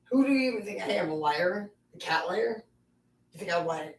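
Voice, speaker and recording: A woman's voice: on the low side, animated, fairly quick, a little hiss or hum. A woman vlogger chatting casually at home, talking playfully to her pets and swearing freely. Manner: playful, profane, talks to her pets in a singsong voice. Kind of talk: casual chat to her dogs. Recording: echoey room, distant mic.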